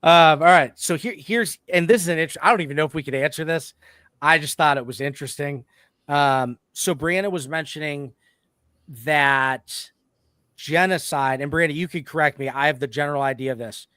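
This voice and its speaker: A man's voice: fairly high pitch, moderate pace, pushed and bright, clear, resonant tone, no room sound. Chatty rambling male podcast host. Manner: rambling, self-interrupting. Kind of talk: casual chat.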